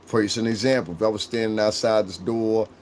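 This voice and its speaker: Young male streamer, Connecticut shoreline accent, lowish voice, casual profane rambling, faint ambient hum. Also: fairly even intonation, fast, a little mellow. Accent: Connecticut shoreline, New England and New York mix. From Connecticut, USA. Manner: rambling, profane, laughs often, reads and answers chat. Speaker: livestream host. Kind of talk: casual livestream chat.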